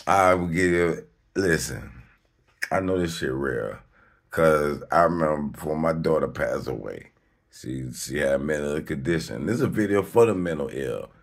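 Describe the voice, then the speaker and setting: Gravelly deep-voiced man ranting to camera. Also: lively intonation, moderate pace. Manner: emphatic, slangy and rambling, with sudden high-pitched outbursts; swears often and laughs between points. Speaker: video host. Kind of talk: unscripted monologue to camera.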